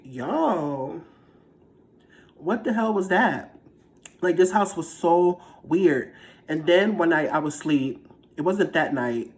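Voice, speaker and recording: Dramatic, slangy storytime vlogger. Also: mid-range voice. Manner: dramatic, animated retelling; slangy, conversational. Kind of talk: casual storytelling.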